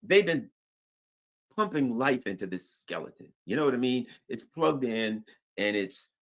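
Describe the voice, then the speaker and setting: An animated man talks through world news in a loose, rambling commentary. His pitch swings widely as he gets worked up, and he slips into quick impressions of the people he's quoting. The tone stays casual and conversational throughout. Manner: animated, acts out quoted voices, rambling asides. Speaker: political commentary host.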